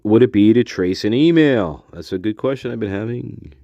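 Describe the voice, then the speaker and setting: A man's voice: on the low side, sing-song, fairly quick, mellow, no echo. A man hosting a livestream, rambling and exclaiming with lots of profanity. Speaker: livestream host. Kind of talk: casual livestream commentary.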